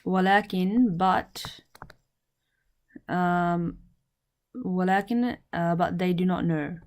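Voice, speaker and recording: Woman teacher explaining arabic grammar, slow and careful, says every word twice. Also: on the low side, steady tone. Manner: slow, deliberate, repeats each word with its translation.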